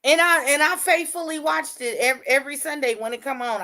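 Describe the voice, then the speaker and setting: A woman's voice: high voice, brisk, sharp tone. A woman co-hosting a casual TV recap chat, talkative and prone to long explanations. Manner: chatty, explains at length. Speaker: podcast co-host.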